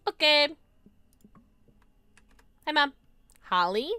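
A woman streamer giving excitable, jokey live gameplay commentary, quick to laugh. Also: fairly high pitch, dry recording.

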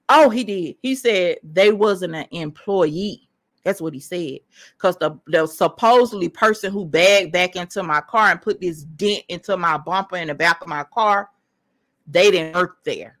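A woman telling a personal story in an animated, emphatic way, speaking straight to her listeners. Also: on the low side, a little slow. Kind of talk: casual storytelling monologue.

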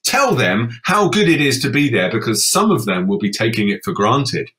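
A man's voice: medium pitch, very animated, normal speed, a bit bright. A man playing an earnest male chauffeur who urges and advises in a plain voice. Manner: earnest, urging.

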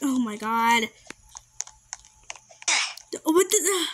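A woman giving casual gameplay commentary, chatty and excitable and easily startled. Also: sits high, slow pace, long pauses, slight background noise. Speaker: gamer.

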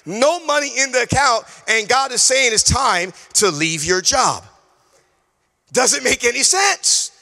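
Bright-voiced man preaching in a reverberant hall. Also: very high-pitched, measured pace, gravelly. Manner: animated, acts out dialogue, repeats key phrases. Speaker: pastor. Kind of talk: sermon with personal storytelling. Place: church sanctuary.

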